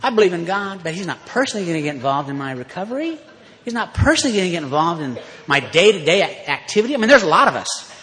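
A man giving a folksy, emphatic recovery talk to an audience, sometimes rising to loud exhortation. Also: high voice, big pitch swings, quick pace. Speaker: recovery speaker. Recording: hall reverb.

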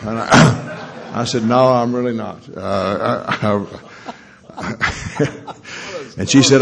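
An older man who works as a lawyer tells folksy, anecdotal stories about his recovery while sharing at a meeting as a recovering alcoholic. His voice is lowish, gravelly, and slightly rough, delivered at a measured pace.

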